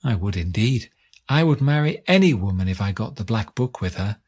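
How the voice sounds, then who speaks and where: A man voicing a young king's son who speaks in a measured, solemn way close to his own voice. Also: lowish voice, expressive, darkish tone, breathy edge. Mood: earnest.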